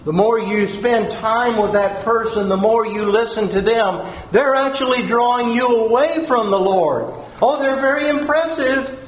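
Man, pastor, sermon, high voice, earnest, asks questions, roomy echo. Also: a little slow, few pauses. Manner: earnest, repeats key phrases, asks the listeners questions.

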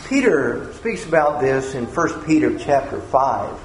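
A man's voice: mid-range voice, big pitch swings, measured pace. A man preaching a sermon in an earnest way, often repeating words as he searches for the phrasing. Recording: echoey room with faint background noise.

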